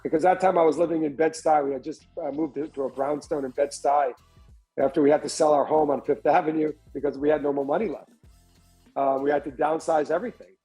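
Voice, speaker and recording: A restaurant entrepreneur tells his story as a guest on a candid podcast interview, often restarting and repeating words. An animated storyteller, he acts out other people's lines in a quick, high-leaning voice. The recording is rough, with faint music behind.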